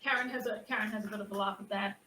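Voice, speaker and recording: A woman's voice: mid-range voice, fairly even intonation, rapid-fire, bright, forceful tone, slight background noise, rough recording. A woman playing in a tabletop game, sweet and chatty in character. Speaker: player.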